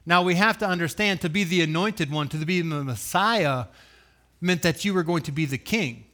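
A man preaching a sermon, telling the story with animated acted-out voices, loud sudden bursts and dry joking asides. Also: fairly high pitch, moderate pace. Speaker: pastor.

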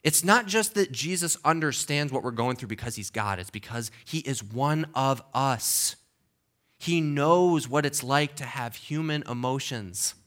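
This pastor's sermon comes in a medium-pitched, fairly bright voice at a measured pace, with lively intonation. He speaks conversationally and emphatically in church, often checking in with the congregation, peppering his delivery with okays and restarts.

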